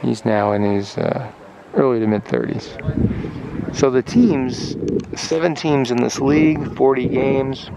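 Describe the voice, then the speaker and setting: Gravelly man vlogging from a windy ballpark. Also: mid-range voice, a little slow. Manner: chatty, joking asides. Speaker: sports travel vlogger. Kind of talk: casual play-by-play vlog commentary. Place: outdoor ballpark on a windy day. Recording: dull lo-fi camera audio with loud wind noise.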